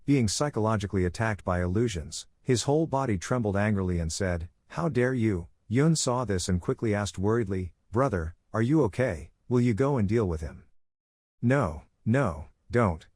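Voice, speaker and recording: Narrating a recap of a comic story, this man speaks in a fairly low register. Dialogue and action get identical treatment, read evenly and steadily throughout. There's no room reverb; the sound is dry and close-miked.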